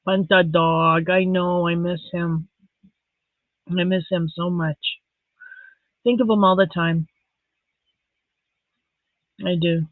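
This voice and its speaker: A woman's voice: lowish voice, steady tone, slow, long pauses, dry recording. Chatty middle-aged woman, tinny sound. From Saskatchewan, Canada. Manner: chatty, reads viewer comments aloud, soft and emotional. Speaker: live-stream host. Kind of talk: casual live-stream chat. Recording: tinny phone-like dry sound.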